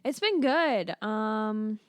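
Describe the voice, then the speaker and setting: A woman's voice: mid-range voice, expressive, drawn-out words, clear, resonant tone, dry recording. A woman co-hosting a podcast, laid-back and giving brief, easy replies. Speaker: podcast co-host. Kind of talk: casual chat.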